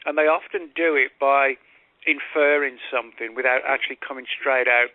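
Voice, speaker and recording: A man, a guest author on a call-in radio interview, explains at length in a measured way with frequent fillers and restarts. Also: mid-range voice, fairly even intonation, no echo. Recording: tinny phone-line audio, dry.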